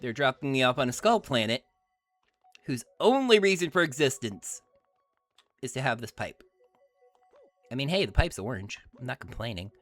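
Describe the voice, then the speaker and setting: A man's voice: medium pitch, expressive, moderate pace, long pauses, fairly bright tone, faint music behind. A man streaming a video game, chatting playfully with his chat and laughing often. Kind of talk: let's-play commentary.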